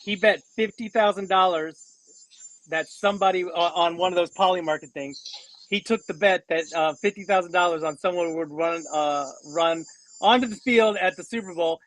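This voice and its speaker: A man's voice: high-pitched, moderate pace, a bit bright, rough recording. A man co-hosting a casual podcast, rambling with many restarts and fillers. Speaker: co-host.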